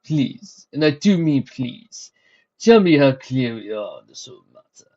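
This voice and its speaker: A man voicing a menacing, mocking male pony warlord, louder and higher than his narration, with a husky tone on a dull lo-fi recording. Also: expressive, normal speed. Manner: mocking, coy sneer.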